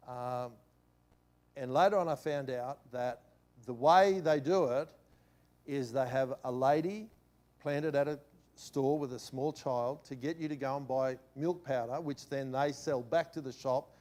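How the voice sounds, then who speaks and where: Pastor telling a story. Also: male voice, medium pitch. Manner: animated anecdote-telling with swings in loudness. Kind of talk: sermon storytelling.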